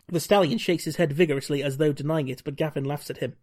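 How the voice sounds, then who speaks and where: A man's voice: fairly high pitch, steady tone, quick pace, hardly any pauses, a little mellow. A man hosting a podcast, reading a gamebook aloud with wry, joking asides and frequent laughter. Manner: wry, laughs often, reads narration steadily.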